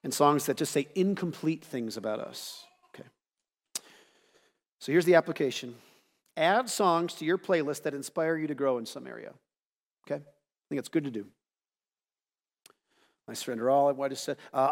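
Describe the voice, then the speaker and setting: Man preaching, somewhat high voice, animated conversational delivery, long church-hall reverb. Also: normal speed, long pauses. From United States. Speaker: pastor. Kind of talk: sermon.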